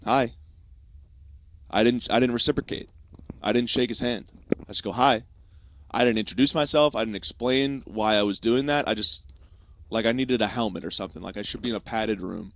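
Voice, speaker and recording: A young American man hosts a podcast, delivering a casual comedic monologue in which he tells a rambling, profane, self-mocking story. His voice is lowish with a fairly bright tone, and the recording is dry.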